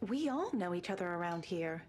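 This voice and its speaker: An actress playing a chatty small-town waitress with a cheerful, slightly eerie manner. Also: female voice, fairly low pitch, big pitch swings, a little fast, background noise.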